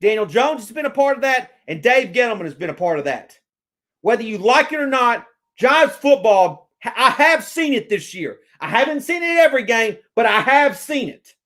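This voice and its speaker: A man ranting casually to his viewers as a sports fan vlogger, excitable and rambling, stammering over restarts and swearing freely. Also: very high-pitched, normal speed. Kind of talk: casual fan rant to camera.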